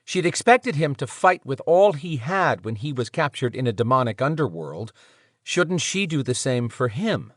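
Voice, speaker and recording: Man reading with lively dramatic swings. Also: mid-range voice, moderate pace, no echo, studio quality. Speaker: audiobook narrator. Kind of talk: scripted narration.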